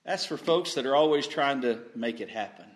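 A man preaching a sermon, rising to loud emphatic peaks and dropping to quiet asides, often stammering and restarting. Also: mid-range voice, animated, a little fast. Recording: echoey room.

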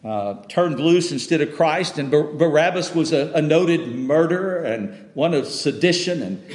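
A male pastor preaching a sermon in a church, halting and repeating words, then swelling to loud emphatic peaks. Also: a little high, lively intonation. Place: church sanctuary. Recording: echoey hall with long reverb.

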